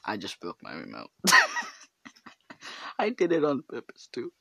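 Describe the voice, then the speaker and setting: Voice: medium pitch, huge pitch swings, slow, gravelly, bright, forceful tone, husky, dry recording. A vlogger talking alone in their bedroom, rambling and giggly, with filler words all through. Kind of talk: rambling casual monologue to camera. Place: own bedroom.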